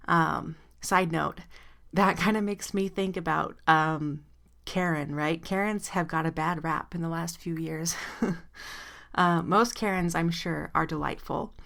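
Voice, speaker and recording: Brief: woman solo podcaster, husky fry-laden voice, casual rambling chat. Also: fairly low pitch, a bit bright. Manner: chatty, self-deprecating, many ums and side notes. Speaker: podcast host.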